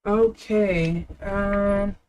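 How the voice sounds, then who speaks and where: Young woman, casual tarot reader, chatty, thinks aloud, mid-pitched voice. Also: steady tone, drawn-out words, a little mellow. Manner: chatty, thinking aloud, with fillers and self-corrections.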